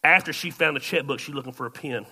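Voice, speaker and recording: A man pastor, telling a story in a sermon, shifting between loud outbursts and quiet asides. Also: a little high, fast talker, slightly rough.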